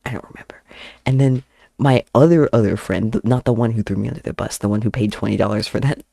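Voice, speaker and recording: Gravelly young man rambling and giggling. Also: fairly low pitch, quick pace, warm tone, no room sound, clean studio sound. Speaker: artist streamer. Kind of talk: casual chat while drawing. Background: faint background music.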